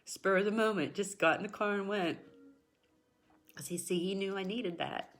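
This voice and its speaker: A woman's voice: medium pitch, moderate pace. A middle-aged woman hosting a spiritual talk show, speaking earnestly and encouragingly to her viewers and repeating herself for emphasis. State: tearful at times. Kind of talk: emotional personal talk to viewers.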